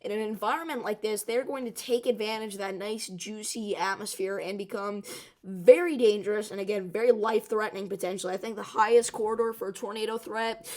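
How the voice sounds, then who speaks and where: A woman with a hoarse, worn voice giving an urgent, emphatic severe weather forecast, often checking in with the viewer. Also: mid-range voice, steady tone, brisk, darkish tone. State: hoarse, strained voice.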